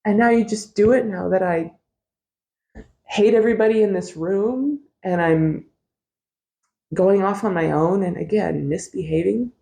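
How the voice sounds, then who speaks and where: A woman's voice: medium pitch, measured pace, creaky, long pauses, mellow. A middle-aged woman hosting a podcast, telling a personal story in a candid, wry way, swearing freely and laughing often. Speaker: podcast host.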